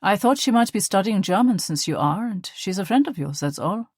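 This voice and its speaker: A woman voicing a young German man who is charming on the surface but controlling, speaking smoothly with a sharp edge, recorded dry. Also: medium pitch, lively intonation, a little fast, dry recording, natural voice.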